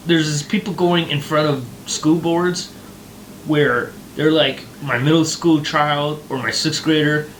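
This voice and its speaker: A man's voice: a little high, a bit bright, slight background noise, poor audio. A man co-hosting a casual talk show, ranting heatedly and swearing often. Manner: profane, heated ranting with mocking put-on voices. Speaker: podcast co-host.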